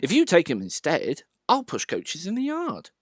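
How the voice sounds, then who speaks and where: A man voicing a gentle little engine. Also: fairly high pitch, wildly swooping pitch, normal speed, no echo, clean studio sound, voice pushed up. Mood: kind.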